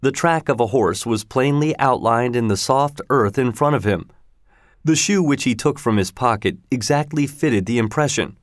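A man narrating a story as a plain, even audiobook reading. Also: mid-range voice, normal speed, no echo, studio quality.

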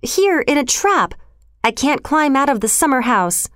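A woman's voice: on the high side, expressive, unhurried, clear, resonant tone, no room sound, studio quality, voice pushed up. A woman voicing an eager young jungle boy in a storybook reading, in a raised, earnest voice. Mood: pleading.

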